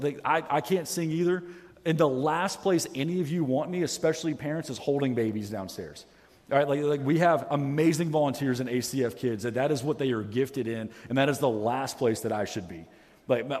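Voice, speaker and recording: A man's voice: a little high, darkish tone, long reverb tail. A man pastor preaching a sermon on a headset mic in a church, earnest and self-deprecating, often restarting his sentences. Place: church sanctuary. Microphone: headset microphone.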